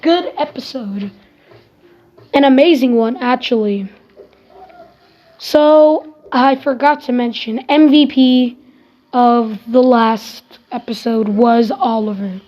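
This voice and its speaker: A woman with a high voice reviewing a TV episode in a casual, ranting way. She sounds exasperated and emphatic and swears casually. The recording is dull and lo-fi. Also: slow, long pauses.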